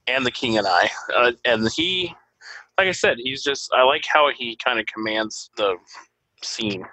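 An easygoing man chatting about old movies with a crisp, bright tone. His joking delivery comes through a dry, close recording. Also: mid-range voice, moderate pace, dry recording, low-quality recording. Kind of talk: casual movie-discussion chat.

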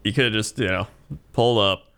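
A man's voice: on the low side, fast talker, pushed and bright, smooth. A man co-hosting a podcast, reacting with laid-back, wry comments in casual chat. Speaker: podcast co-host.

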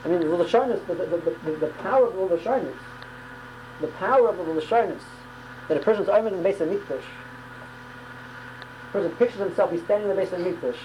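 A woman's voice: on the low side, animated, fast talker, pauses often, mellow, slight background noise, poor audio. A woman teaching a religious class on prayer, talking emphatically and often repeating words and restarting phrases. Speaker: Torah teacher.

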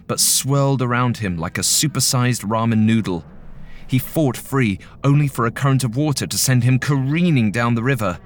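A man reading a story as scripted narration, in a measured, steady way. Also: medium pitch.

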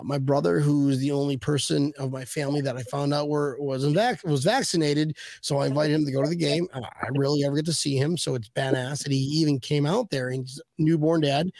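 A man's voice: a little high, creaky, a little mellow, no room sound. A man hosting a casual video-call chat show, telling rambling joking stories. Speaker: podcast host.

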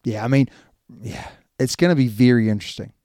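Mellow-voiced New Zealand man, chatty. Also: mid-range voice, steady tone, brisk, dry recording, studio quality. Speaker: podcast co-host. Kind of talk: casual chat.

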